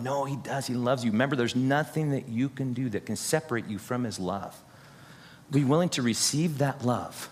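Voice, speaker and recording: In a church sanctuary, a male pastor delivers an earnest, encouraging sermon directly to his congregation. His husky, medium-pitched voice has lively intonation and normal speed, ringing through a long-reverb hall.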